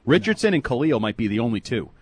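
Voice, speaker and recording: Guy cohosting a sports chat, husky voice, jumps all over in pitch, laughs a lot, blunt takes. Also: fast. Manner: animated, laughs often, blunt opinions. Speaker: co-host. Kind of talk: casual sports talk.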